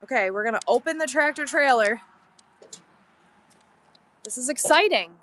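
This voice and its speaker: A woman's voice: high-pitched, animated, normal speed, a bit bright, slight background noise. A woman hosting a casual livestream, talking candidly and bluntly, rambling with many restarts. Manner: blunt and swears freely. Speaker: livestream seller and host.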